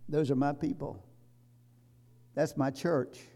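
Emphatic preacher man, higher voice. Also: steady tone, slow. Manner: emphatic, rising to loud climaxes. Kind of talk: sermon.

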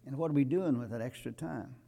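An older man preaching a sermon to his congregation, building from calm talk to loud emphatic peaks and quoting scripture. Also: medium pitch, fast talker, gravelly. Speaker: pastor.

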